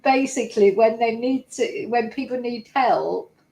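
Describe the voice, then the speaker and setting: Woman, host, reaction commentary, emotional, fairly high voice, roomy echo. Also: a little slow, gravelly, a little mellow. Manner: chatty and emotional, exclaiming.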